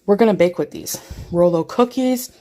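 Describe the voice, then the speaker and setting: A woman's voice: medium pitch, moderate pace, dark tone. Wheezy, rambling woman vlogger. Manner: rambling, full of fillers. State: out of breath, wheezy. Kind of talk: casual show-and-tell vlog.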